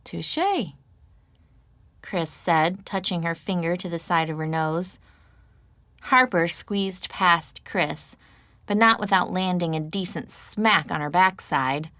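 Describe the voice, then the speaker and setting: A woman reads an audiobook aloud, telling the story in a measured, even way. Her voice sits on the low side, and the recording is dry.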